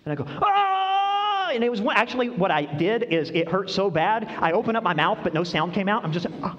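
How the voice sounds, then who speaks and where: Male pastor, middle-aged, story-driven sermon; slightly high voice, dull sound with long hall reverb. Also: fast talker. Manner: animated storytelling, acts out voices with high-pitched cries. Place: church hall.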